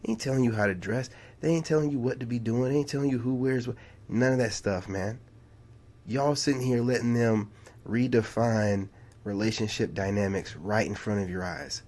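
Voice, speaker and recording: A man's voice: medium pitch, moderate pace, a little mellow. A man hosting a casual reaction video, talking in a drawling, slangy way and saying "man" a lot. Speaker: YouTube reaction host.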